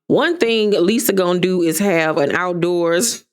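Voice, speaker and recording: A woman's voice: lowish voice, a little slow. A woman in her thirties giving a sassy, gossipy casual recap of a reality show, sometimes mimicking the cast. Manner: sassy, gossipy, animated impressions of cast members.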